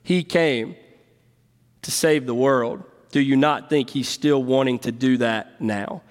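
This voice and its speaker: A man's voice: medium pitch, takes it slowly, in a large hall. A man preaching a sermon in a church as pastor, emphatic and repeating key phrases. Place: church sanctuary.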